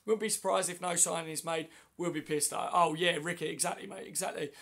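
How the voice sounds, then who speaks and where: A man with a hoarse, flu-worn voice hosting a casual fan livestream on his phone, chatting matily and answering viewer comments one by one. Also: on the high side, fairly even intonation, quick pace, a bit bright. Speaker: livestream host.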